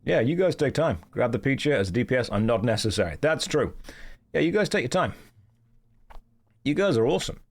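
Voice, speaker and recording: A man's voice: mid-range voice, sing-song, brisk, long pauses. A man streaming a game, chatting casually and explaining mechanics in a playful, self-mocking way.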